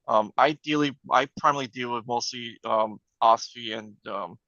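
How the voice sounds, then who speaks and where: Man, panel guest, brisk, emphatic, dry close sound, dull lo-fi call audio. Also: medium pitch, pushed and bright, dry recording. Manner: brisk, emphatic, frequent "right?" tags. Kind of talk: conversational panel discussion.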